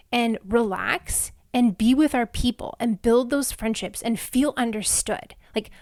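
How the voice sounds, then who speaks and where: A woman's voice: a little high, a little mellow, no room sound, clean studio sound. A woman in her thirties hosting a casual solo podcast, chatty and heartfelt, with lots of "like" fillers. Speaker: podcast host. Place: Houston, Texas.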